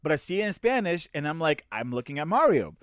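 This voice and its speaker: A young man hosting a gaming podcast, chatting casually with many fillers and quick agreements. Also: a little high, no room sound, clean studio sound. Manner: relaxed, filler-heavy, quick agreeing asides. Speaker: podcast host. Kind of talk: casual chat.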